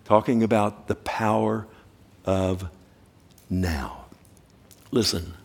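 A man preaching a sermon, animated, swinging from loud urgent bursts to quiet low asides. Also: slow, gravelly.

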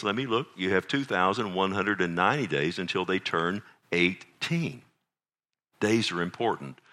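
A middle-aged man preaching a sermon, animated, full of rhetorical questions. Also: lowish voice. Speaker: pastor. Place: church sanctuary.

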